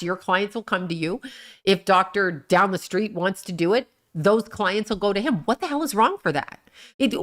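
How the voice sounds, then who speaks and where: A woman's voice: mid-range voice, fairly bright tone. A middle-aged woman hosting her own livestream, ranting bluntly with profanity, rambling from point to point and laughing often. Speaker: livestream host. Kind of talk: casual livestream rant.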